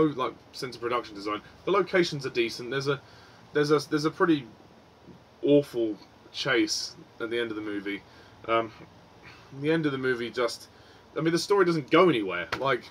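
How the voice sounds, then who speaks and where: A man's voice: mid-range voice, fairly bright tone, a little hiss or hum. A man giving a frustrated, swearing film review, with many ums and restarts.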